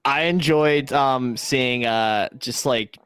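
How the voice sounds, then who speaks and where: Bright-voiced stammering young man. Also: medium pitch, slow pace, smooth. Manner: stammering, many restarts and fillers. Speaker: podcast co-host. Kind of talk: casual movie discussion.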